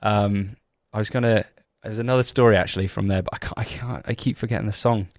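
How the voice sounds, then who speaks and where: Gravelly young British man, dry close sound. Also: on the low side, fairly even intonation, quick pace, darkish tone, dry recording. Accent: British English. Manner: swears freely, laughs at his own stories. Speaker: podcast co-host. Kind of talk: casual chat.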